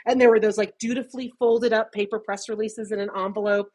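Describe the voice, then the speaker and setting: Husky-voiced, chatty woman analyst. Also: medium pitch, quick pace. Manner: chatty and animated, laughs often mid-sentence. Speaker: CX industry analyst, guest. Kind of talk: casual interview conversation.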